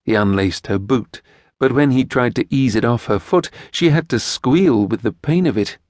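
A man narrating an audiobook in an expressive storytelling manner on a close mic. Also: mid-range voice, normal speed, dry recording. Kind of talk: scripted narration.

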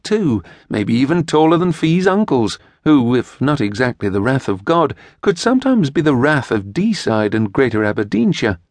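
A man narrating an audiobook in an expressive storytelling manner on a close mic. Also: medium pitch, no echo. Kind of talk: scripted narration.

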